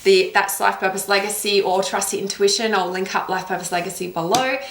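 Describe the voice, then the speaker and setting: Woman, card reader giving a casual spiritual reading, encouraging tone, mid-pitched voice, roomy echo. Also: fairly even intonation, a little fast. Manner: affirming, laughs often.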